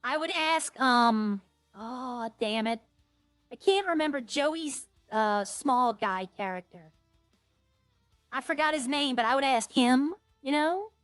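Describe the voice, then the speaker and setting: A woman's voice: high-pitched, animated, slow, a bit bright, no room sound, soft background music. Chatty rambling woman streamer, dry close sound. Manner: rambling, chatty, trailing off and restarting. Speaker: roleplay streamer. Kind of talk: casual streaming chat while playing.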